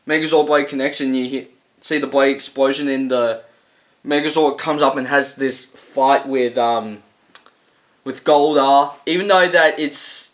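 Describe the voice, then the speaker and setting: A man's voice: mid-range voice, fairly bright tone. Rambling enthusiastic male movie reviewer. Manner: rambling, many fillers and restarts, enthusiastic. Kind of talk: casual rambling film ranking.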